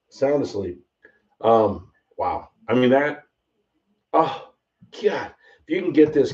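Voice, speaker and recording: A man hosting a casual bourbon tasting, excitable and rambling, exclaiming often. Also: medium pitch, slow, pauses often. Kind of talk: casual livestream tasting chat. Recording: slightly distant, dull lo-fi mic.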